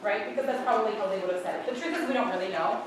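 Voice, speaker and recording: A woman leads a choir rehearsal in a large hall, chatting upbeat and very fast in a mid-range voice and singing syllables to demonstrate a passage. A far camera captures her, so the hall sounds echoey and distant, with background noise.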